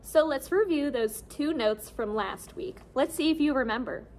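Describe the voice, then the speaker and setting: A young woman teaching children a music lesson on rhythm, cheerful and clear, modeling syllables for them to repeat. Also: sits high, moderate pace, darkish tone, slight background noise. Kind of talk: classroom lesson video for children.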